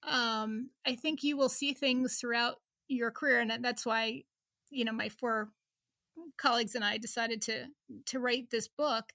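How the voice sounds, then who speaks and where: A woman's voice: a little high, steady tone, a little slow, pushed and bright, dry recording, studio quality. A woman in her fifties, a reporter chatting as an interview guest, laughing often and restarting her sentences. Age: 50s. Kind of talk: casual interview chat.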